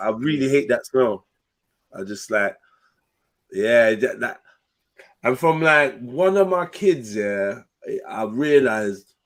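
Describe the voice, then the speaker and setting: Young man, casual live-panel host, lively pitch, swears easily. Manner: laid-back slangy storytelling, swearing, laughing.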